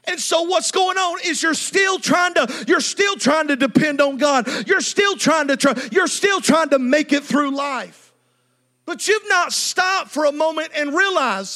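A man preaching a sermon, impassioned and repetitive, often lifting into a sung, shouted cadence. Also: very high-pitched, lively intonation, unhurried. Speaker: pastor.

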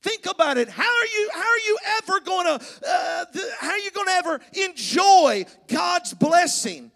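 A man with a strikingly high voice preaches to his congregation. He delivers his sermon emphatically, rising into shouts and a sing-song cadence, often stammering and restarting his phrases. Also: sing-song, normal speed, creaky. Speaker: pastor. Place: church sanctuary.

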